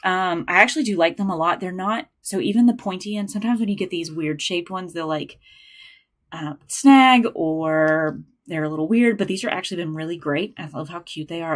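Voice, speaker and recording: A woman's voice: on the low side, normal speed. A woman hosting a knitting podcast from home, chatting casually and rambling with lots of fillers and restarts. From United States. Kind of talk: casual chat.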